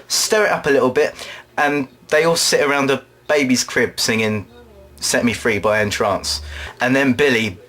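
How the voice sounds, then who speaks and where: A man performing an absurd comic monologue, rambling along in a deadpan way and now and then putting on quick voices. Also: medium pitch. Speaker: drama student performer.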